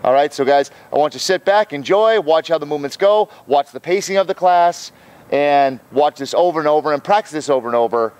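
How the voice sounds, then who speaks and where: A fairly high-voiced man walks viewers through fitness drills with playful energy. He keeps checking in with "okay?" between cues. He is recorded outdoors on a hilltop. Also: fairly quick, a little mellow, clean tone. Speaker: fitness trainer. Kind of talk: instructional demonstration.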